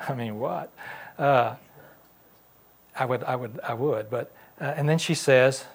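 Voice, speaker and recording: A man's voice: mid-range voice, normal speed, husky. Conversational man teaching a Bible class. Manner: conversational, asks the class questions. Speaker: Sunday school teacher. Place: church classroom.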